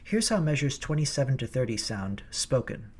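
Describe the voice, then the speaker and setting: A man's voice: medium pitch, big pitch swings, moderate pace, darkish tone, breathy edge. A man coaching choir singers in a recorded rehearsal lesson, explaining diction precisely and patiently.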